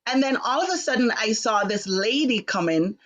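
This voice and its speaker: A middle-aged woman from Jamaica, hosting a live online talk show, recounts a family story at length. Her voice sits fairly high and swings widely as she quotes people and grows indignant. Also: moderate pace, muffled recording. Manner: animated, acts out voices in quotes, rising to sharp indignation. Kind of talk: personal storytelling on a live stream.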